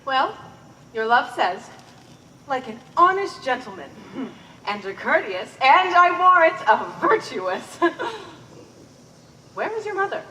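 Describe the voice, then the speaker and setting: A woman's voice: high-pitched, takes it slowly, pauses often, echoey room, in a large hall, a little hiss or hum, exaggerated voice. A woman playing a fussy, groaning old nurse. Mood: teasing. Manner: theatrical, lively, groaning complaints. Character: fussy, chatty older woman nurse, comically complaining. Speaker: stage actor. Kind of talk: live outdoor Shakespeare performance.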